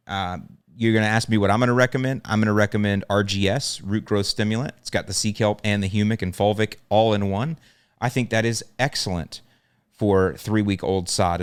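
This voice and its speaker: A middle-aged man with a Chicago accent talks through listener questions on his solo podcast. His voice sits on the lower side and comes across smooth and resonant. He gives direct, practical advice and repeats the key points plainly. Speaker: podcast host answering lawn care questions.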